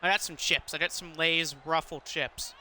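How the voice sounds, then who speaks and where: A man casually commentating a wrestling video game, excitable and chatty, laughing often. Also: a little high, moderate pace, a little hiss or hum. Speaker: gaming commentator. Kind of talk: casual let's-play commentary.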